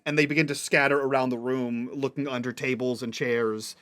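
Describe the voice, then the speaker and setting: A man narrating a tabletop game as game master, halting often as he searches for words. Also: mid-range voice, level tone, fairly bright tone. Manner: halting, full of fillers and restarts.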